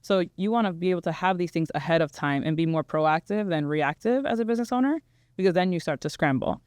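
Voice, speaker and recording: Female guest, financial coach, brisk and clear, dry studio sound. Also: fairly low pitch, expressive, a little mellow, no echo. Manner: explanatory, confident, brisk. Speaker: guest, accountant and money coach. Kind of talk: interview answers.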